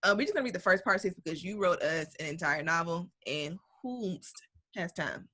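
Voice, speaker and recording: A woman's voice: on the low side, lively intonation, normal speed, a bit bright. A woman co-hosting a casual podcast, reading a listener's email aloud with slang, swearing and bursts of laughter. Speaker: podcast co-host.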